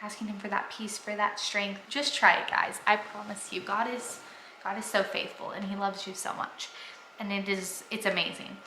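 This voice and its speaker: A woman's voice: mid-range voice, level tone, normal speed, reverberant, noisy background. A young woman vlogging at home, talking earnestly and enthusiastically about her faith to the camera. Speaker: family vlogger. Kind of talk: casual faith talk to camera.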